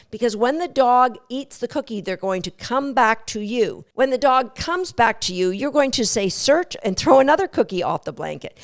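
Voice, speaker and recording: Brief: female dog-training podcast host, a gravelly edge, lively and coaching. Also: on the high side. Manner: lively, coaching, acts out dog and owner thoughts. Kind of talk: instructional podcast talk.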